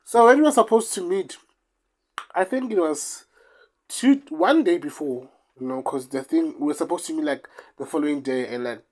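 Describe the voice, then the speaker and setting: Young South African vlogger, casual storytime, rambly and repetitive, mid-pitched voice. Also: moderate pace. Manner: rambling, repeats phrases for emphasis. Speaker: YouTuber.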